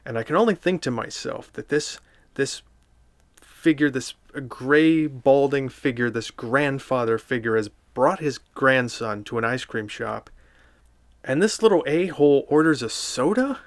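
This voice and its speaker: A man doing a deadpan comedic review of a picture book, with dry, sardonic, rambling asides. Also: medium pitch, unhurried, no room sound.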